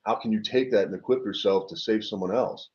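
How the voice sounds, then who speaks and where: Earnest middle-aged man, muffled low voice. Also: brisk, darkish tone. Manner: earnest, frank storyteller. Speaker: guest speaker, event leader. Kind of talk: podcast conversation, personal storytelling.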